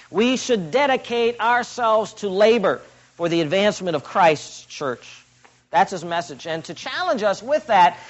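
A man preaching an expository sermon as pastor, stressing key phrases by drawing them out slowly. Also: sits high, highs cut off.

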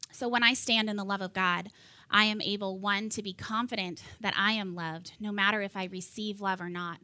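Bright chatty woman teaching, close dry sound. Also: mid-range voice, no room sound. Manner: chatty, laughing, emotional, self-deprecating. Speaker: biblical counseling speaker. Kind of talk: teaching talk to a women's group.

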